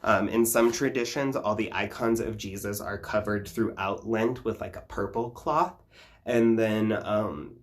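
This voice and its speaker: A man's voice: fairly low pitch, steady tone, a little slow. A man casually teaching folk magic customs in an irreverent, profane way, laughing often and using many fillers. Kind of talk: casual spiritual teaching vlog.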